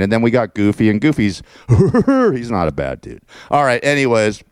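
A man's voice: lowish voice, very animated, normal speed, hardly any pauses, clear, resonant tone, no echo, studio quality. A man hosting a talk radio show, ranting in a mocking, profane way and laughing at his own jokes.

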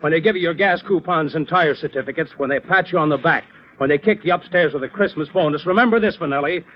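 An actor playing a stern, sarcastic older insurance boss in 1940s radio-drama style, with a husky voice, on a lo-fi old broadcast. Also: male voice, sits high. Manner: cutting, sarcastic, lecturing.

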